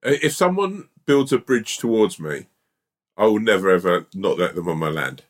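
A man co-hosting a casual chat, telling rambling, animated stories full of restarts. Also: deep voice, moderate pace. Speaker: podcast co-host.

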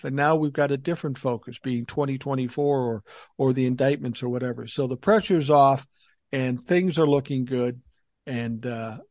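An older man hosting a podcast, telling stories in a lively, animated way, acting out voices and swearing casually. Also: mid-range voice, dry recording, studio quality. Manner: animated storyteller, acts out quoted voices, swears. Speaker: podcast host. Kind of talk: casual chat.

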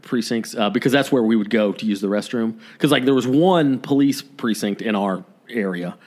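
A man's voice: on the low side, moderate pace, darkish tone. A man co-hosting a podcast, telling stories in casual chat with many fillers. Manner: rambling storyteller, many fillers. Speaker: podcast co-host.

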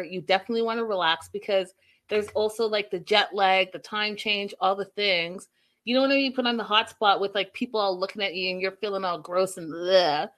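A young adult woman hosting a casual livestream recap, chatting with viewers and acting out quotes in an animated way. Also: mid-range voice. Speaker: show recap host.

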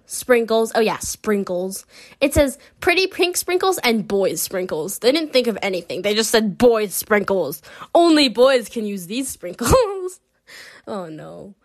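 Slow, incredulous young woman vlogging. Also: mid-range voice, lively intonation. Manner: rambling, incredulous, laughs often, many fillers. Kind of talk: casual unscripted commentary.

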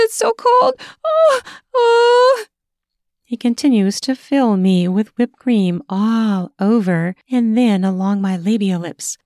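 A woman narrating a first-person erotic audio story in a slow, sensual reading voice. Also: medium pitch, dark tone, no room sound, clean studio sound.

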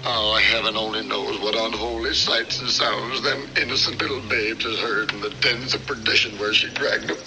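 An actor playing a sinister fake preacher in a 1950s film, speaking in an unctuous, sermonizing way. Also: male voice, on the low side, fairly even intonation, moderate pace, few pauses, lightly acted, rough recording. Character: sinister smooth-talking fake preacher, grown man. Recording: old film soundtrack with music.

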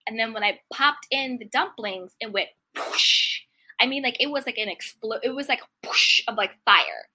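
Bright-voiced woman giving motivational advice. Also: a little high, animated, moderate pace, a little hiss or hum. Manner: earnest, repetitive affirmations, acts out complaining voices. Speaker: self-help video host. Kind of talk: casual motivational monologue.

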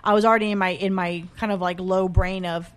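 A woman's voice: fairly low pitch, steady tone, brisk. A woman comedian in casual conversation, candid and self-deprecating, swearing freely. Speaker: stand-up comedian. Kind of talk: casual podcast chat.

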